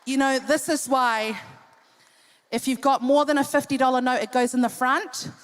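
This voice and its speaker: A woman's voice: sits high, fairly even intonation, moderate pace. A woman in her fifties doing cheeky live comedic banter as the entertainer at a charity dinner in a large hall. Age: 50s. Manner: cheeky, teasing the audience.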